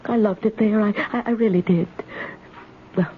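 An actress playing a frightened elderly spinster who stammers and pleads, in 1970s radio drama style, on a dull, hissy old broadcast recording. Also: female voice, mid-range voice, fairly even intonation, normal speed, natural voice. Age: older. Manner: stammering, pleading, talking to herself. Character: frightened elderly spinster turned out of her house.

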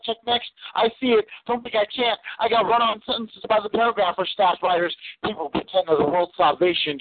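A man with a high-pitched voice rattles off profane performance poetry in a rapid, restless flow. The sound is dry and narrow like a phone call. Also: no room sound. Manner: rapid, profane spoken-word delivery. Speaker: poet. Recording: tinny phone line.

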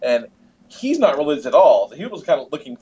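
A man's voice: on the high side, sing-song, brisk, warm tone, husky. Laid-back man on a muffled call. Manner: rambling storyteller, swears freely, laughs often. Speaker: podcast co-host. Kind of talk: casual chat. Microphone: video call from a tablet.

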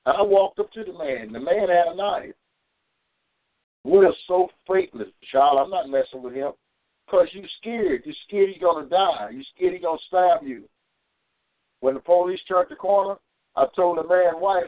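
A man preaching and telling a personal testimony on a community call, fervent, with sudden high bursts when he quotes himself. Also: animated, normal speed, pauses often, no echo. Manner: fervent storytelling, climbing high for quoted shouts. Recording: tinny phone line.

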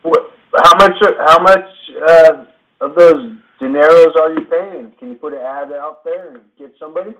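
A man with a fairly high voice acts as interviewer. He asks short, curious questions and drops in brief words of agreement. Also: moderate pace, a bit bright, low-quality recording.

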